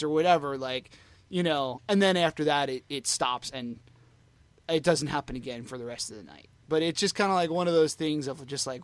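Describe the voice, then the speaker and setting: A man's voice: on the high side, moderate pace, smooth, dry recording. A man co-hosting a fan podcast, chatting casually and rambling with lots of "you know" and "like" fillers. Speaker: podcast co-host.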